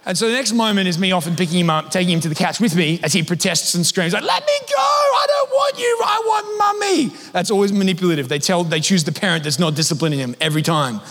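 A man's voice: a little high, racing, few pauses, fairly bright tone. A man, preaching a sermon in a conversational, self-deprecating storytelling way. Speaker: pastor. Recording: long hall reverb.

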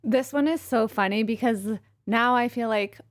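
A woman co-hosting her podcast, chatting in an animated, self-mocking way with a lot of "like.". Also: a little high, moderate pace, dry recording, studio quality. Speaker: podcast co-host. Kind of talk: casual conversation.

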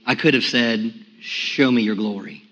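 A bright, forceful male voice in a long-reverb church hall. A pastor gives a personal testimony, at times hushed and at times loud and soaring. The sanctuary echo hangs on each phrase. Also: unhurried, highs cut off. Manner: testimony builds from quiet and hushed to loud and high. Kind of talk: sermon.

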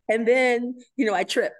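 A middle-aged woman in a podcast interview, telling stories with animated emotion and frequent laughter. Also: a little high. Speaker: guest choreographer and dancer.

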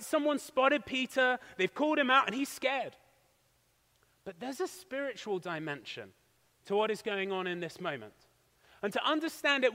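A man's voice: very high voice, bright, forceful tone. A man preaching as pastor, retelling a scripture story and explaining it with a hands-on demonstration. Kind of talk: sermon. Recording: long hall reverb.

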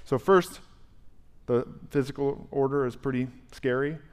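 A male pastor preaching a conversational, animated sermon and asking the congregation questions in a church sanctuary. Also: medium pitch, measured pace, smooth.

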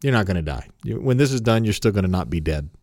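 Man, low voice, casual chat, self-deprecating, laughs a lot, dry close mic. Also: lively intonation, fast talker, darkish tone, no echo. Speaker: podcast co-host.

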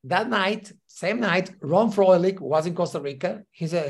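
A man with as his tells his story as a podcast guest. He leans on lots of "uh" fillers and acts out the voices of the people he quotes. His voice sits a little higher than most men's. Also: normal speed, hardly any pauses. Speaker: ministry leader, guest. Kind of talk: casual interview storytelling.

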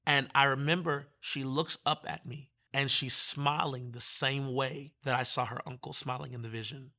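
A man from Virginia, a guest minister, telling his testimony in conversation in an animated way and acting out the voices he quotes. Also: mid-range voice, normal speed.

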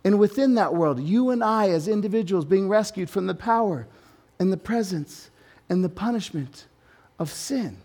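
A man preaching a sermon at a church service, swinging from loud, urgent proclaiming to low conversational asides and jokes. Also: animated, moderate pace. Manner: informal, joking tangents with everyday examples. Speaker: pastor.

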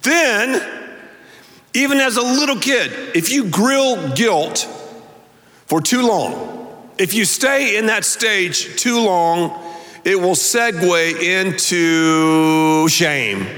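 A man preaching a sermon as pastor, telling stories and pausing on key words for emphasis. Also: high voice, animated, bright, forceful tone, long reverb tail.

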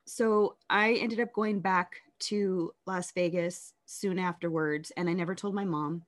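A woman telling her life story in an interview, candid and reflective, often halting and restarting. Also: lowish voice, steady tone.

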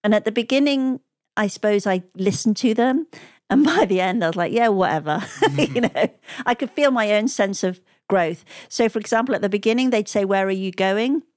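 A woman's voice: mid-range voice, lively intonation, brisk, a little mellow, no echo, clean studio sound. A woman telling stories as an interview guest, chatting freely, laughing often and quoting the people she met. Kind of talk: conversational storytelling.

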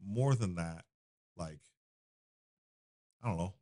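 A man with a very low voice talks openly in a podcast chat. He swears without a second thought and drops into soft, murmured asides. The sound is close and dry, with no room around it. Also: takes it slowly, no room sound. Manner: candid, swearing freely, trailing into quiet asides. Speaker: podcast guest. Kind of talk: casual conversation.

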